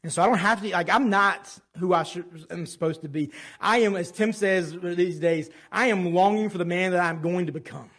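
A man in his thirties preaching a sermon in a conversational, animated way, telling stories from home. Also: high-pitched, normal speed, few pauses. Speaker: pastor.

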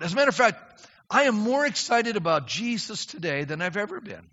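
An older male pastor delivers an earnest, emphatic sermon, his voice high for a man and bright. The sound is dull and lo-fi, with long reverb rolling around the hall. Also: very animated, brisk. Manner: earnest, emphatic preaching that rises to fervent prayer. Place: church sanctuary.

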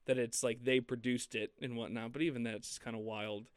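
A man co-hosting a film podcast in casual chat, animated and laughing often as he talks. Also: medium pitch, fairly quick, clean tone, no room sound. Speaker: podcast co-host.

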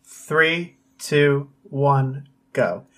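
A man's voice: a little high, drawn-out words, a bit bright. A man co-hosting a casual gaming lore podcast in a laid-back, teasing way. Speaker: podcast co-host.

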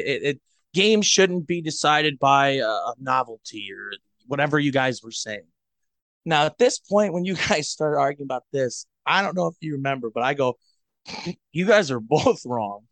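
A man from Cleveland chatting as a podcast co-host, telling a rambling, self-mocking story into a headset boom mic. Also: fairly bright tone, no room sound. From Cleveland, USA. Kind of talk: casual storytelling chat.

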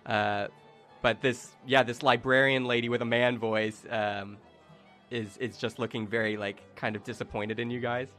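A man narrating as game master, relaxed and rambling with fillers. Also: mid-range voice, normal speed, faint music behind.

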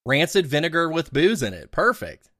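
A man hosting a podcast, chatting casually, lively and laughing often with loose swearing. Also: a little high, normal speed, no echo, studio quality. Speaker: podcast host.

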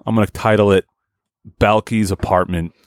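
A man's voice: fairly low pitch, steady tone, no echo. A man co-hosting a podcast, blunt and teasing, swearing freely in casual chat. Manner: blunt, swearing, quick to tease. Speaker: podcast co-host.

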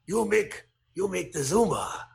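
A man imitating a friendly male toy executive with a put-on Japanese accent and broken, halting English. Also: high-pitched, animated, vocal fry, a little mellow, a little hiss or hum, heavily acted.

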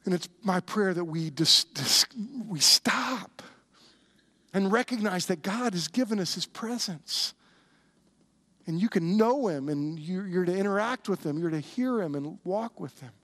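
High-voiced male pastor preaching earnestly. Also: lively intonation, a little slow, pushed and bright. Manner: earnest preaching with storytelling, many restarts. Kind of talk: sermon. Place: church.

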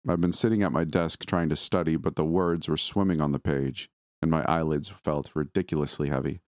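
A man reading a scripted first-person horror story in a steady, measured way. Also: very deep voice, no echo, clean studio sound.

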